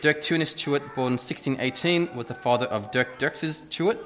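A man's voice: mid-range voice, normal speed, fairly bright tone, a little hiss or hum. A man giving a casual, self-deprecating sermon into a lectern microphone in a church. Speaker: lay preacher. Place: church hall.

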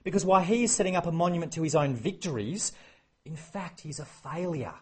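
A man preaching a sermon, animated and acting out the quoted exchanges. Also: fairly high pitch, fairly quick, slightly rough. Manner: animated, acts out quoted exchanges, many fillers.

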